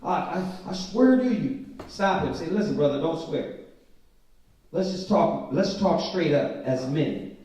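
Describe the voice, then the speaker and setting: A man teaching a Bible study, reading scripture slowly and with emphasis, then breaking into casual, slangy commentary. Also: on the high side, animated, dark tone. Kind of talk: informal scripture study sermon. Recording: very echoey room from a distant mic.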